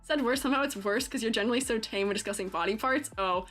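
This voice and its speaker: A woman's voice: on the high side, fast talker, fairly bright tone, soft background music. A woman who teaches character design, giving chatty live-stream commentary, reading the chat aloud and laughing often.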